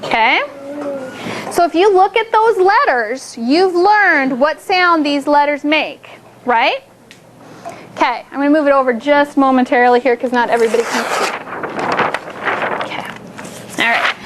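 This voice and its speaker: A woman teaching a phonics lesson to a small group of children, upbeat and encouraging, stretching out words slowly to model them. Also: sits high, a bit bright, slight background noise.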